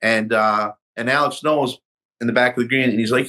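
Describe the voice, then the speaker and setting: Middle-aged man, guest storyteller; animated, plays out the dialogue of his own anecdote. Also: mid-range voice, quick pace. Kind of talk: casual storytelling interview.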